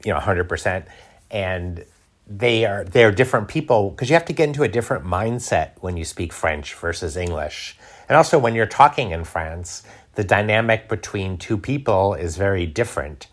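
A middle-aged man talking in a casual interview, rambling with restarts and fillers. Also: on the low side. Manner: rambling, many restarts and fillers, laughs often. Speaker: guest, food writer.

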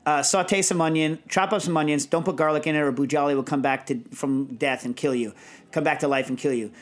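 Man, podcast host, casual chat, rambling, digressive, animated, fairly high voice. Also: a little fast.

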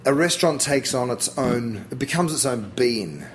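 A middle-aged man with an Australian accent, talking casually as an interview guest, chatty and relaxed, often restarting his sentences with fillers. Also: mid-range voice, normal speed, slight background noise, rough recording.

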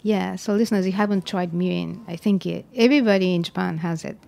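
A woman's voice: on the low side, fast talker, gravelly, darkish tone. A woman hosting a podcast interview, chatty and adding her own notes to the conversation. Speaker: podcast host. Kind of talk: casual interview chat.

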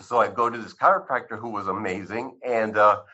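The recording is slightly muffled as a chiropractor in his sixties, interviewed about his life, talks fairly quickly in a sharp, fairly low voice. He rambles conversationally, leaning on fillers and re-enacting what people said.

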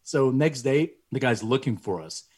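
A middle-aged man with a husky, slightly breathy voice tells a long personal story in easygoing conversation. He keeps his speaking pitch in a middle range and livens it up by mimicking the people he quotes. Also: moderate pace. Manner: animated, acts out quoted voices with rising pitch. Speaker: guest telling a story.

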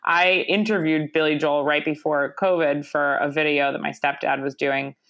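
A woman's voice: sits low, steady tone, normal speed, a bit bright. A woman co-hosting a podcast in casual chat, sarcastic and swearing, telling stories with animation. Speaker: podcast co-host.

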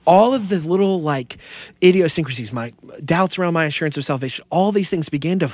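A man's voice: on the high side, animated, a little fast, a little mellow, dry recording. A man co-hosting a theology podcast, speaking passionately and at length in casual discussion. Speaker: podcast co-host.

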